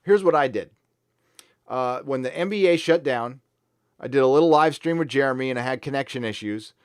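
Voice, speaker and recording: A man's voice: mid-range voice, fairly quick, clear, resonant tone, no echo, clean studio sound. Rambling, offhand male live-stream host. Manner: rambling, offhand, laughs easily, frequent fillers and restarts. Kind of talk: casual live stream chat reading viewer comments.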